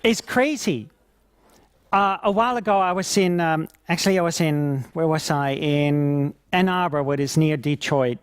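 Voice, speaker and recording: A man teaching Reiki at a conference, telling stories in a lively, laughing way and acting out scenes as he talks. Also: on the high side, moderate pace, clean tone, no room sound, studio quality. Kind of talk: conference talk with anecdotes.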